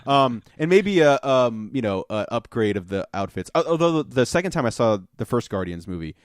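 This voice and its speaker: A man hosting a podcast, chatting casually in a rambling, excitable, profane way. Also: medium pitch, a little fast, dry recording, clean studio sound. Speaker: podcast host. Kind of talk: casual chat.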